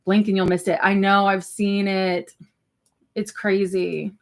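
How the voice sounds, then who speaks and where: A woman's voice: mid-range voice, flat delivery, measured pace. A woman hosting a casual livestream and chatting loosely as she reacts to viewer comments, rambling with lots of fillers and the odd swear. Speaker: livestream host.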